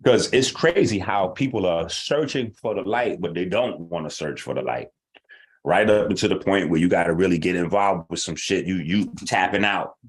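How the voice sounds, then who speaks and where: A man's voice: sits low, normal speed. A man hosting an online talk stream, giving a profane, rhetorical, argumentative casual monologue.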